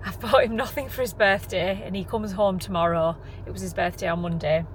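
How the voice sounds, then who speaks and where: A woman's voice: medium pitch, fairly even intonation, a little fast, a little hiss or hum, low-quality recording. A woman with an English accent chatting casually to camera in a vlog, rambling and self-deprecating. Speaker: vlogger. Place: in a car for some parts.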